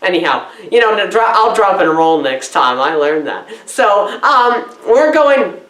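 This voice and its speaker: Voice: mid-range voice, very animated, unhurried, fairly bright tone. A performer playing a bumbling, injured male film reviewer who rambles, giggles and loses track of his own story. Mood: giggly rambling. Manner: giggly, rambling, easily confused. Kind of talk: comedic sketch review. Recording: roomy echo.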